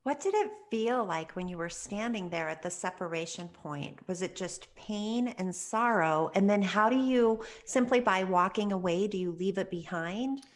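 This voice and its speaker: A woman's voice: medium pitch, animated, moderate pace, hardly any pauses. A woman hosting a casual interview who asks long, probing questions with curiosity. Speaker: host.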